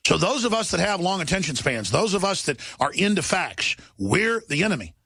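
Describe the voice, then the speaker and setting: A middle-aged man with a gravelly, fry-heavy voice rants as a combative talk radio host. He sounds slightly high for a man and is recorded dry and close, with no room around him. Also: sharp tone, no echo. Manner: ranting, mocking, shifts into sneering put-on voices.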